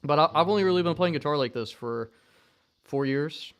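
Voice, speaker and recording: A man talking casually to camera about guitar and music, rambling and relaxed, full of slang, now and then cooing at his dog. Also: a little high, fairly quick, clear, resonant tone. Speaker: guitarist and vlogger.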